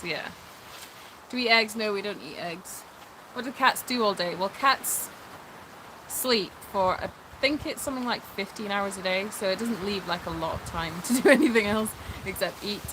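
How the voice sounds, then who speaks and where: A woman's voice: medium pitch, normal speed, noisy background. A woman with a Scottish accent co-hosting a casual live stream from an animal sanctuary, reading out viewer comments and answering them with frequent laughs. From Scotland.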